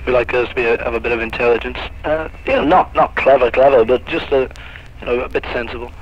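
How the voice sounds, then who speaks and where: A man answers casually, pausing often as he talks. The recording is dull and lo-fi with faint hiss. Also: mid-range voice. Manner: easygoing, hesitant, lots of "you know". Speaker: musician interviewee.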